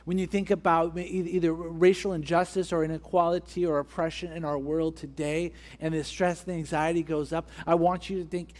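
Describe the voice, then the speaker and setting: A somewhat high-voiced man delivers a sermon from the pulpit. He presses his point through repeated rhetorical questions, letting his emphasis build as he goes. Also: little pitch movement, a little fast, few pauses. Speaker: pastor.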